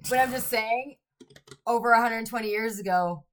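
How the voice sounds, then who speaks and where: A woman's voice: fairly high pitch, normal speed. A woman co-hosting a podcast, chatting casually and animatedly about a film, cursing freely and jumping in with quoted lines. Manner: animated, swears a lot, jumps in with quotes. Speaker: podcast co-host. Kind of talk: casual chat recapping a movie.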